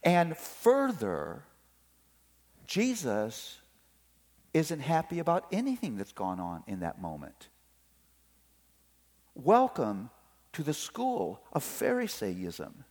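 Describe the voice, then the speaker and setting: A man's voice: mid-range voice, slow, long pauses. A middle-aged man preaching a sermon on parenting, telling family stories and acting out the voices. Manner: animated storytelling, acts out family voices. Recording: long hall reverb.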